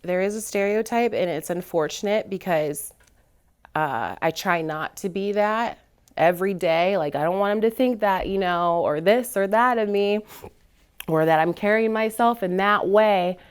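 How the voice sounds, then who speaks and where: A woman, a panel guest, telling a painful personal story in earnest, rising from quiet to heated. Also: mid-range voice, moderate pace, clear, resonant tone.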